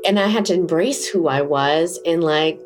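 Middle-aged woman guest, low pitch, animated candid storytelling with acted-out quotes. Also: moderate pace. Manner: animated, acts out quoted voices, many fillers. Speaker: interview guest.

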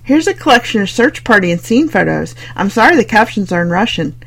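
A bossy young woman lectures her friends with crisp authority, as an audiobook reader voices her. Her pitch sits a notch above the reader's own, and a faint gravel runs under it. She lays out grim facts like a teacher. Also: sing-song, a bit bright, full character voice. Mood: matter-of-fact. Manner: lecturing, brisk storytelling. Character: bossy young woman storyteller, dry and commanding.

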